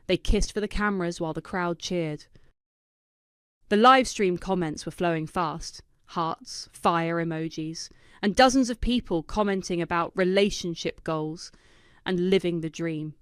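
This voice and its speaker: Woman telling a revenge story, dry knowing tone, smooth clear voice, no room sound. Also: lowish voice, steady tone, moderate pace, dry recording. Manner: dry, knowing and quietly vindictive. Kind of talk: scripted first-person narration.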